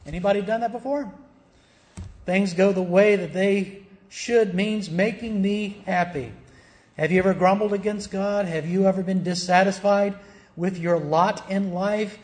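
A man preaching a sermon as pastor. He keeps asking the congregation rhetorical questions, calls them beloved, and acts out quoted voices with a raised, louder voice. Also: sits high, fairly even intonation, measured pace.

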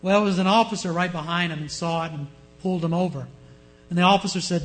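A male pastor preaching a sermon in an emphatic, storytelling manner. His voice sits high for a man. Soft music plays faintly behind him. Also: fast, rough recording.

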